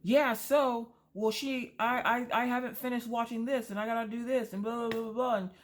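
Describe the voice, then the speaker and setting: A sulky grown man griping on and on in a squeaky, pinched voice that sits far above normal talk, as a woman mocks him while telling a story. He rambles and trails off with nothing to stop him. The voice sounds thin and strained. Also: fairly even intonation, normal speed, natural voice. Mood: whining. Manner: high-pitched, rambling and sulky. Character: whiny complaining husband, adult man.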